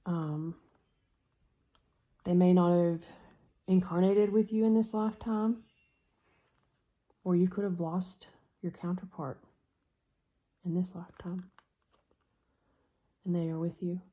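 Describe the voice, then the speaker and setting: A woman reading tarot cards for her viewers in a low, mellow voice. She takes her time, musing aloud and often drifting into soft murmurs. Her pitch sits on the low side. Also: fairly even intonation, slow, pauses often. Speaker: tarot card reader. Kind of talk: pick-a-card tarot reading.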